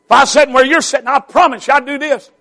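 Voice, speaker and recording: A man preaching a revival sermon, shouting and stretching out his words for emphasis. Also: very high-pitched, fairly even intonation. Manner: shouting, drawn-out emphatic delivery.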